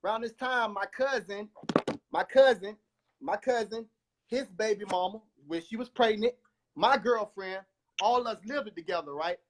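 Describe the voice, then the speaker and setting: A man with a strikingly high voice and a drawl tells his life story as a testimony. He talks over a phone, circling back on words, repeating himself and restarting phrases as the story pours out. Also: normal speed. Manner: repetitive, animated storytelling with many restarts. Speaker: guest giving a testimony.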